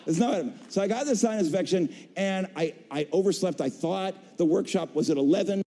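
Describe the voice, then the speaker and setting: A middle-aged man telling his career story on a convention stage, an animated storyteller who acts out voices and jokes. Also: high voice, brisk. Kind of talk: stage talk to a convention audience. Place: large convention hall stage. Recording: long hall reverb.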